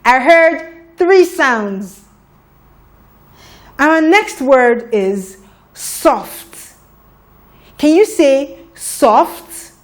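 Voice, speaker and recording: Woman phonics teacher for young children, fairly high voice, very slow and deliberate delivery that sounds out each letter. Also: animated.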